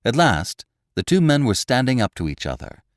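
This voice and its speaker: A man, host of a classic-story podcast, reading a novel aloud with dramatic, expressive storytelling. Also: mid-range voice, moderate pace, dry recording, studio quality. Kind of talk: audiobook narration of a classic novel.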